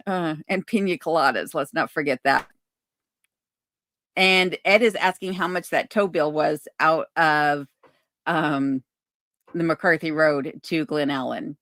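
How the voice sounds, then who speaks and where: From her cabin home in remote Alaska, a woman hosts a casual livestream Q&A, reading viewer comments aloud and answering relaxed and unhurried with plenty of ums. Her voice is low-pitched, and the studio-quality audio has no room sound.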